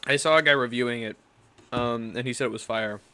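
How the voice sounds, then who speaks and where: A man's voice: medium pitch, a little fast, sharp tone, clean tone. A young man hosting a podcast, chatting casually with crude, rambling, self-correcting talk. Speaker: podcast host.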